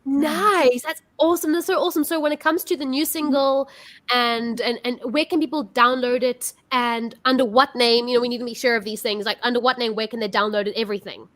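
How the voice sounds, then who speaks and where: A South African woman hosts a relaxed live-stream music show, talking in a bubbly, gushing way full of fillers. Her voice sits high and rings bright. She comes across as chatty and excitable. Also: a little fast, no room sound. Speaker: host. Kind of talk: casual live-stream chat.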